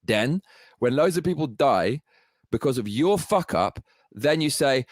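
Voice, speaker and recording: A man's voice: fairly high pitch, expressive, measured pace, no room sound, studio quality. A man delivering an angry, profane political rant, heated and sarcastic throughout. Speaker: political commentator.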